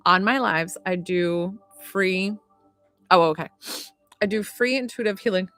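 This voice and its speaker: A woman's voice: medium pitch, unhurried, no echo, faint music behind. Chatty woman live-streaming readings. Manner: chatty, warm-hearted, rambling with many fillers. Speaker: psychic medium and healer. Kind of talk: casual live-stream chat.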